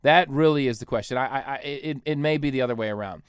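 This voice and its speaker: A man hosting a podcast, delivering an excitable, rambling comedic rant and laughing often at his own tangents. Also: mid-range voice, quick pace, clean tone, no echo, studio quality. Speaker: podcast host.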